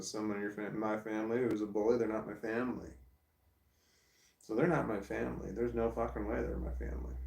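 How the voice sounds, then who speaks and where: Man, middle-aged, blunt and profane, gravelly low voice, echoey room, phone kinda far off. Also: darkish tone. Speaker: vlogger. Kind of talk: angry personal rant. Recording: echoey room, distant from mic.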